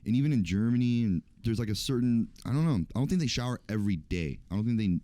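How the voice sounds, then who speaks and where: Give me a fast-talking comedian telling stories, with a lively voice. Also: male voice, mid-range voice, no room sound. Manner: animated storyteller, slips into mock voices. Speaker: podcast co-host, comedian. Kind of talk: casual comedy podcast banter.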